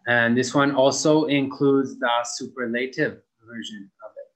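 A young adult man teaching an English grammar lesson, slowly stretching out key words as he models them for students. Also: medium pitch, steady tone, a bit bright, low-quality recording.

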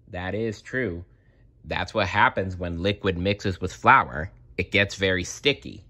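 A man's voice: sits low, measured pace, no room sound. A man reading a children's picture book aloud, adding short asides for listeners. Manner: animated, adds short asides. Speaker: storyteller.

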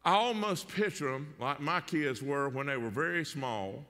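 A Southern pastor preaching in a folksy, conversational way, with a somewhat high, bright voice. He keeps checking in with rhetorical questions. A long hall reverb trails each phrase. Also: animated, normal speed. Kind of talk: sermon. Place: church sanctuary.

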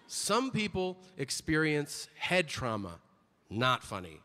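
Standup guy, pretty high voice, bounces around a lot, big echoey theater sound. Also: a bit bright. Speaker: stand-up comedian. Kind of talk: stand-up comedy routine.

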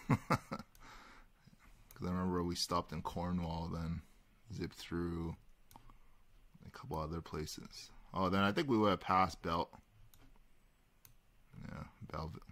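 A man hosting a live card break, calling out pulls and chatting with viewers in a relaxed, rambling way. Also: deep voice. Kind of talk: casual live-stream chat while opening cards.

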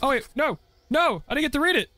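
A man's voice: extremely high pitch, animated, fast talker, pushed and bright, slight background noise. A young man joking his way through a game playthrough with playful commentary. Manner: playful, joking, frequent laughs. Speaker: gaming video creator.

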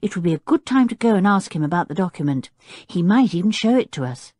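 A woman voicing a bold, adventurous girl who speaks eagerly and with excitement in an audiobook. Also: on the low side, fast talker, no room sound, clean studio sound, pitched above the performer's own voice. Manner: eager, thrilled.

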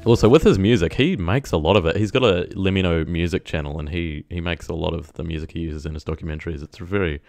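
A man's voice: low voice, fast, gravelly, few pauses, a little mellow, no echo. A young man with a New Zealand accent, casually reacting to a video, rambling with lots of fillers and laughs. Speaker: YouTube reactor.

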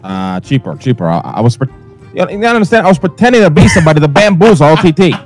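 A man's voice: on the high side, very animated, rapid-fire, soft background music. A man in a crime-city roleplay, talking aggressively and hurling insults during a heated call. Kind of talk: confrontational in-character phone talk.

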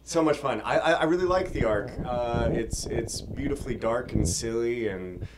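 A man being interviewed as a voice actor, talking fast and excitedly, laughing often and acting out quotes. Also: medium pitch, background noise. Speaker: voice actor guest. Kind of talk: casual interview chat. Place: convention room.

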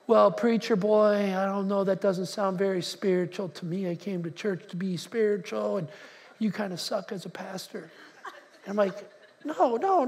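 A man pastor preaching a conversational, animated sermon in a church. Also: high-pitched. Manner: conversational, animated, shouts acted-out quotes. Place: church sanctuary.

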